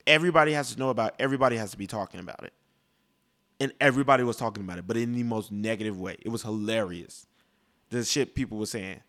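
A man's voice: on the low side, fast, a bit bright. A young man giving a casual, blunt and profane rant about music, rambling with restarts. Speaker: music commentator.

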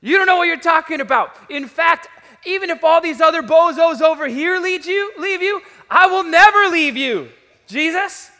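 A man voicing a brash, boastful male disciple who loudly swears loyalty, raising his voice well above his own, in a reverberant hall. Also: very high-pitched, expressive, normal speed, pitched above the performer's own voice, exaggerated voice. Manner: brash, emphatic, insistent.

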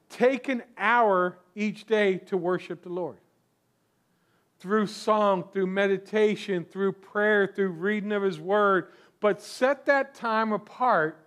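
High-voiced pastor preaching. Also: male voice. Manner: conversational preaching, frequent restarts and asides. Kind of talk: sermon.

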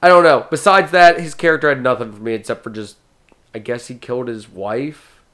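A man hosting a podcast, chatting casually about movies in an excitable, rambling way. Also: medium pitch, brisk. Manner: excitable and rambling, jumps between thoughts. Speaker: podcast host.

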